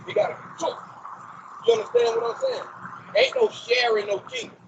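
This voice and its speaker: A man's voice: very high-pitched, lively intonation, normal speed, gravelly, dull audio, background noise. A man preaching on the street in front of a store, emphatic and quoting scripture with rhetorical questions, recorded on a phone outdoors. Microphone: phone recording a video.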